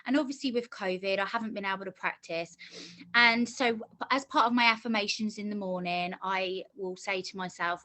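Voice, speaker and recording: An earnest middle-aged woman talks at length in a casual interview. Her voice sits slightly high and sounds bright and forceful. She often doubles back and restarts her sentences as she works through her thoughts. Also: moderate pace. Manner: earnest, talkative storytelling with many restarts. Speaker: course graduate being interviewed.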